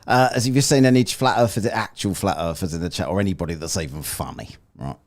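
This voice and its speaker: A man's voice: deep voice, fast. A British man hosting a live online debate, sarcastic, mocking and blunt with the callers. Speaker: livestream host.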